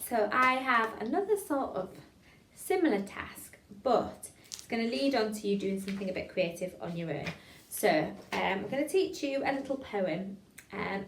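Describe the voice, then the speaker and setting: A woman's voice: medium pitch, a little hiss or hum. Encouraging woman teaching in an echoey room. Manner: encouraging, chatty, self-deprecating. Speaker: drama teacher. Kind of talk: online improvisation lesson. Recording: echoey room, mic at a distance.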